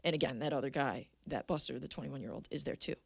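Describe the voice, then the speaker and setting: A woman in her twenties, a podcast guest, telling a personal story in a casual, animated way, acting out what people said and swearing freely. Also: a bass voice, fast talker, vocal fry, husky, no room sound, studio quality. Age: 20s. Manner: animated, acts out quoted voices, swears freely.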